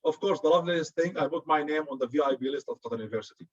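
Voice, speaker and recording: Arabic-accented guy lecturing, kinda high voice, jokey, dull lo-fi recording. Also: very fast, husky. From Arab region. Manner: chatty, joking, says "good" often. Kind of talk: classroom lecture.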